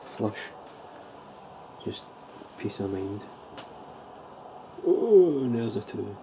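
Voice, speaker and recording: A man's voice: on the low side, flat delivery, slow. A man casually showing his homemade model trailer build, thinking aloud with loose restarts. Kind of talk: casual show-and-tell vlog. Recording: clear background ambience noise.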